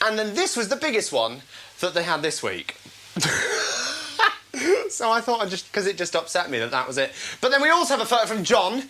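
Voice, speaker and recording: A man hosts a light comedy show from home in a bright, forceful voice, his pitch leaping around as he jokes. He talks in a playful, self-mocking way and laughs easily at his own material. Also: big pitch swings, brisk, long pauses, rough recording. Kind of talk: casual live show chat.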